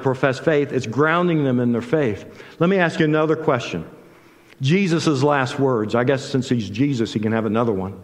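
Older male guest preacher, animated storyteller, church hall echo. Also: mid-range voice. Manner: animated, acts out dialogue with rising intensity. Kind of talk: sermon with storytelling. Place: church sanctuary. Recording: long hall reverb from a church.

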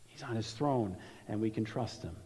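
A man's voice: fairly low pitch, normal speed, warm tone. Man preaching in an echoing church. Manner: conversational, often repeats words as he starts a phrase. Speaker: pastor. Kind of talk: sermon. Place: church sanctuary. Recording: long reverb from a large hall.

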